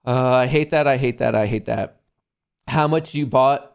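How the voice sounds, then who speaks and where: A young man hosting a casual livestream about day trading, swearing often and breaking into loud, jokey bragging. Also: medium pitch, normal speed, vocal fry. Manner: excitable, profane, jokey bragging. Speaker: livestream host, day trader.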